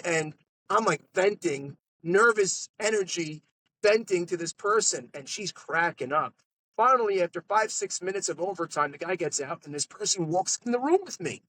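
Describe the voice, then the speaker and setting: A man, a podcast guest telling sales stories in a lively, animated way. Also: sits high, low-quality recording. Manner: animated salesman storytelling, quick asides. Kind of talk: casual storytelling interview. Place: podcast studio.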